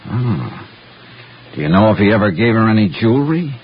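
An actor playing an easygoing male police partner who asks calm, low-key questions, in 1940s radio acting style, from a dull lo-fi old radio recording with faint noise. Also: moderate pace.

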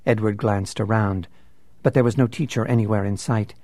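A man narrating an audiobook in a measured, unhurried way. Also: on the low side, fairly even intonation, mellow, no room sound.

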